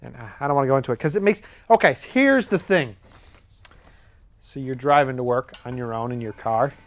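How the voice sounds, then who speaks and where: A man riffs through a loose, self-mocking monologue as host of a small studio talk show. He keeps slipping into quick voices to replay arguments, all at a middling pitch. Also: expressive. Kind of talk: casual comedic monologue.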